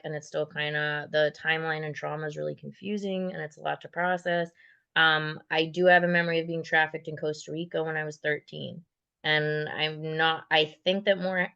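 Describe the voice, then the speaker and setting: A woman's voice: sits low, creaky, sharp tone, smooth, muffled recording. A woman giving a candid personal testimony in a raw, blunt and profane way, with bitter sarcasm. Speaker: guest sharing her survivor story.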